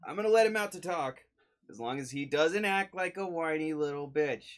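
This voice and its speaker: A man's voice: fairly high pitch, brisk. A man playing a tabletop game, joking and laughing often. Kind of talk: casual in-character and table talk.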